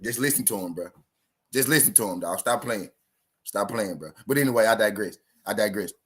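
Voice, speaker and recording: Southern US male stream host, somewhat low voice, loose and profane, talks to chat. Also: a little fast, a bit bright. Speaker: boxing talk show host. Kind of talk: casual live-stream commentary.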